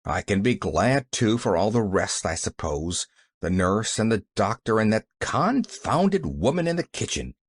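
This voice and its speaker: A man's voice: medium pitch, big pitch swings, unhurried, dry recording, studio quality. A man voicing a cross, bedridden older man who answers curtly and grimly in an audiobook. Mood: gruff bitter. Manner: grumbling, curt and grim.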